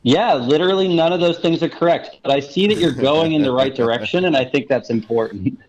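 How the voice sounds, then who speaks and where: A man's voice: a little high, a little fast, a little mellow, lo-fi sound. A man from the Boston area, a researcher guesting on a podcast, talking in casual chat with dry, self-deprecating humor.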